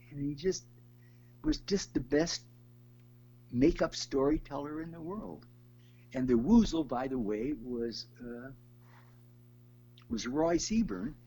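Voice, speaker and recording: An older man, a guest in a conversational interview, telling stories in an animated way and laughing as he goes. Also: fairly high pitch, gravelly, slightly rough. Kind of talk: conversational storytelling.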